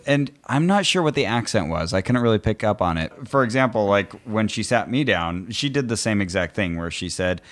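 A man's voice: fairly low pitch, animated, brisk, hardly any pauses. A man co-hosting a podcast, telling a story in an amused, thoughtful way. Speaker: podcast co-host. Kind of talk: casual chat.

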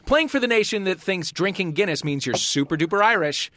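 A man's voice: high-pitched, lively intonation, a little fast, bright, forceful tone, no room sound. A man hosting a comedy panel show in a studio, joking playfully with his guests. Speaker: host.

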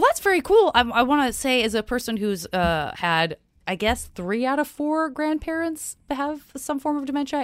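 A woman podcast host with a smooth, resonant voice asks empathetic, meandering questions. The recording is dry and close, with an ordinary mid pitch. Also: fairly bright tone, no room sound. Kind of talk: casual podcast interview.

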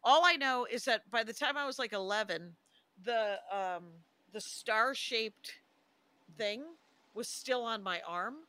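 Bright, high-voiced woman telling stories. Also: measured pace, clear, resonant tone. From Wisconsin. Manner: storytelling, laughs often, restarts sentences. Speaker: podcast co-host. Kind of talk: casual chat.

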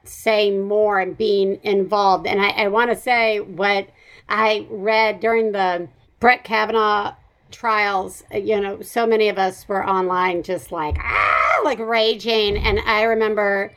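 A woman with a Southern American accent hosting a podcast, talking in a chatty, animated way with frequent laughs. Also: medium pitch, unhurried. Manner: chatty, animated, laughs often, rambling asides. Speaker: podcast host. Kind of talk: casual chat.

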